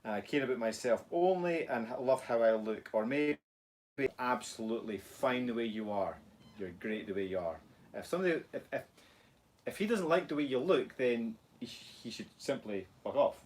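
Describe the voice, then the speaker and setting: A Scottish man chats loosely on a live stream, reading viewer comments between plenty of ums. His delivery is relaxed, hesitant and bluntly frank. His voice sits at an ordinary middle pitch. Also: moderate pace. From Scotland. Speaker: fitness coach co-hosting a live stream.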